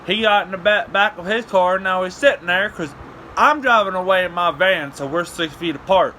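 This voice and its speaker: A man telling a rambling comic story and jumping into loud, high voices for the quotes. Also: brisk, slight background noise, rough recording. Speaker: comedic storyteller.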